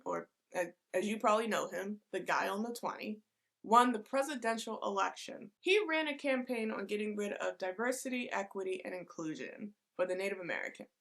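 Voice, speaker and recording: A woman delivering a satirical history explainer with sarcastic, deadpan asides. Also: medium pitch.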